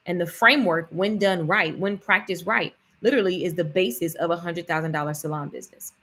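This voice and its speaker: A woman business coach talking to viewers on a live stream, chatty and energetic, addressing them directly. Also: lowish voice.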